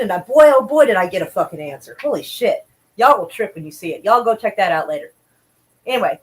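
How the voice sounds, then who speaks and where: A woman's voice: a little high, a bit bright, low-quality recording. Blunt, profane woman streamer. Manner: profane, blunt, chatty, greets viewers. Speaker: streamer reading news. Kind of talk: casual live-stream commentary.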